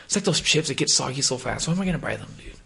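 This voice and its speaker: Gravelly man ranting casually. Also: medium pitch, animated, racing, bright, forceful tone. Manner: rambling, profane, says "dude" a lot. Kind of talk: casual chat.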